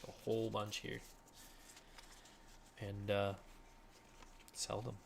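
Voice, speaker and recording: A young man chatting casually on a live stream from his living room while listing items to resell, relaxed and often trailing off quietly. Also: on the low side, slow pace, vocal fry, slight background noise.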